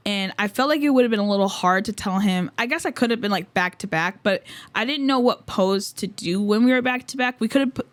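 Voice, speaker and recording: A woman's voice: mid-range voice, a little fast, no echo. A woman in her twenties hosting, telling a story in casual chat, laughing often and rambling with lots of fillers. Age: 20s. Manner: giggly, laughs often mid-sentence. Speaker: podcast host.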